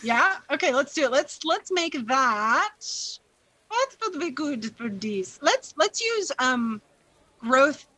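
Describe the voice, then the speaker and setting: Chatty high-voiced woman game master. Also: very animated, takes it slowly, sharp tone, no room sound, low-quality recording. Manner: casual, chatty, many fillers. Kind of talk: narrating a tabletop game.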